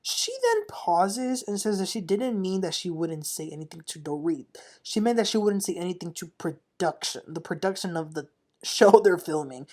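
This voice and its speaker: A woman's voice: on the low side, animated, normal speed, darkish tone. A woman hosting a casual reality-TV recap, chatty and opinionated, often laughing as she talks. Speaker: TV recap host.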